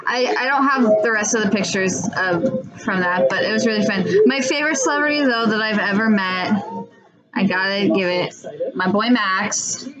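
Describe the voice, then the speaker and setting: A woman's voice: medium pitch, normal speed, a crowd in the background, rough recording. A young woman vlogging at home in a casual, gushing, chatty way, full of fan talk and fillers. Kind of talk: casual chat.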